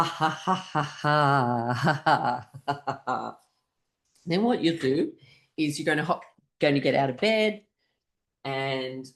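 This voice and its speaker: A laughter class leader in a mid-pitched voice, calmly talking listeners through a morning laughter routine. Each step is spelled out gently, with an open invitation to copy along. Soft fillers slip in here and there as the instructions unfold. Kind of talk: guided laughter exercise class.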